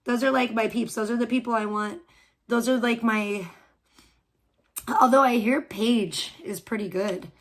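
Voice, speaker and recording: A woman from Chicago with a Chicago accent softened by years on the West Coast, streaming live in a casual, rambling chat and often breaking off mid-sentence. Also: fairly high pitch, steady tone, unhurried. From Chicago, USA. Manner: reacts aloud to small mishaps. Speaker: livestreamer.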